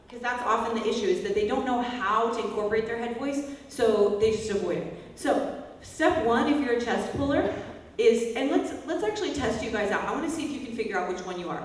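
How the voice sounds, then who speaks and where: A woman's voice: on the high side, slight background noise. Woman vocal coach in an echoey hall. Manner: chatty, informal teaching with sung examples and light laughs. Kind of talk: live vocal master class with sung demonstrations. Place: large hall, heard from a distance. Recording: echoey hall recording from far off.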